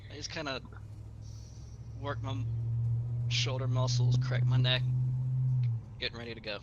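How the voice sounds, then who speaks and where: A man's voice: medium pitch, flat delivery, measured pace, muffled recording, very noisy. A man playing in a tabletop game, joking and playful as he talks. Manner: playful, jokey. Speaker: player. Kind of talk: casual tabletop play.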